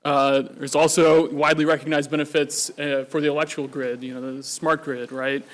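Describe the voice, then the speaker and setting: A man's voice: a little high, flat delivery, fairly quick. Man explaining policy with frequent fillers. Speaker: think-tank analyst, panelist. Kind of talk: panel discussion.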